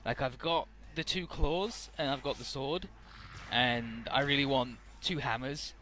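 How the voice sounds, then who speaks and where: Bright-voiced man narrating gameplay. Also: medium pitch. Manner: rambling, swears, paraphrases characters in quick voices. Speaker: let's play commentator. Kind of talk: casual gameplay commentary.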